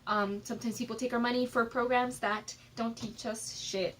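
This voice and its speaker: A woman's voice: a little high, level tone, normal speed, slight background noise, poor audio. A woman vlogger giving personal development advice in a candid, chatty way, filling her talk with "like" and "um", recorded on a phone. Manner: candid and chatty, many fillers like "like" and "um". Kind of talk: casual advice vlog.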